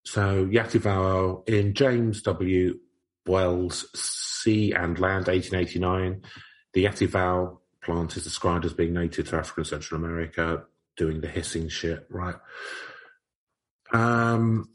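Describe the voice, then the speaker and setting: A man's voice: low voice, steady tone, unhurried. A man co-hosting a casual comedy podcast, who reads old articles aloud in a playful, stiff old-fashioned voice. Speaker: podcast co-host.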